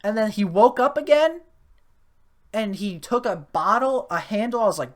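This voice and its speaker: A woman's voice: mid-range voice, moderate pace. A young woman hosting a podcast, telling a casual story full of fillers and restarts. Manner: rambling with many fillers and restarts; grows animated and loud at the climax. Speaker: podcast host.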